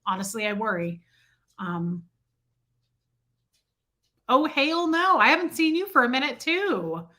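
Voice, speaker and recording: Very animated at a normal speed, a woman with a sharp, medium-pitched voice hosts a casual stream. She greets each viewer by name in a chatty roll call while describing her day, mentioning her son and her home in Michigan.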